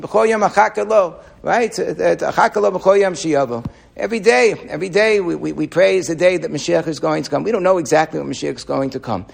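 A man giving an animated Torah class, quoting Hebrew and often repeating words as he thinks. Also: high-pitched, creaky.

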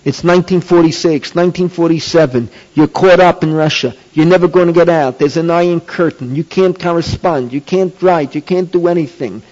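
A man with a high voice lectures in a religious class, hammering points home and repeating phrases for emphasis. The sound is dull and lo-fi, like an old tape recording. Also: brisk, few pauses, a little mellow. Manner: emphatic, repetitive, rising to questions. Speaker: rabbi teaching a class. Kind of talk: Torah lecture.

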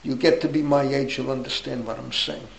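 A man in his eighties, a rabbi teaching an informal class, telling rambling, animated stories with asides to his listeners. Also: mid-range voice, brisk, creaky, reverberant, a little hiss or hum, poor audio. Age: 80s. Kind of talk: informal Torah class talk.

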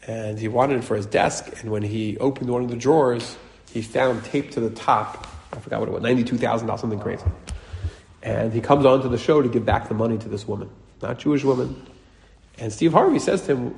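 A man's voice: medium pitch, a little fast, vocal fry, darkish tone, slight background noise. A middle-aged man giving a casual, joking Torah class, telling stories and acting out quoted voices, with Hebrew and Yiddish words mixed in. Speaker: Torah teacher.

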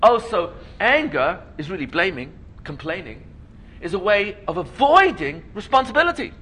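At a learning day held at a school, a man lectures to an audience in a high-pitched, somewhat bright voice with a breathy edge. Rhetorical questions and laughter punctuate the talk, along with little scenes he acts out in funny voices.

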